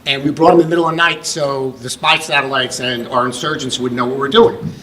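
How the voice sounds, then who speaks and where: The rough recording, with a little hiss or hum, catches a middle-aged American man presenting an award in a function room. He talks fast in a mid-range, fairly bright voice with fairly even intonation, rambling through a long anecdote with many restarts and fillers.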